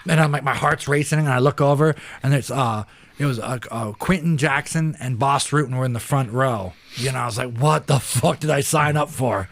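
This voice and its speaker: A man's voice: medium pitch, brisk, fairly bright tone, a little hiss or hum. A man in his forties from Pennsylvania, a retired kickboxer, telling rambling, profane stories in a casual podcast interview. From Pennsylvania, USA.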